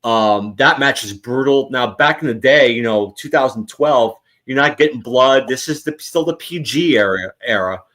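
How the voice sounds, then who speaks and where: Male host, average pitch, rambling casual talker. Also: moderate pace, few pauses, a bit bright. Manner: rambling, many restarts. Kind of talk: casual chat.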